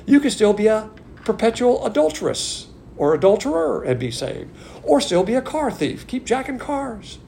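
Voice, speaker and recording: A gravelly-voiced man preaches in a folksy, blunt manner, his pitch swinging up high on rhetorical questions. He teaches an informal Bible class, and faint background noise sits under his voice. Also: big pitch swings, normal speed, mellow. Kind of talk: informal sermon. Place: church class streamed on video call.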